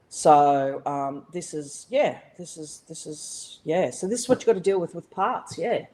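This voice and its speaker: An Australian woman, middle-aged, telling a personal story as a podcast guest, animated and blunt, swearing freely with many fillers and restarts. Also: deep voice, a little slow, hardly any pauses, low-quality recording. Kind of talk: casual conversational storytelling.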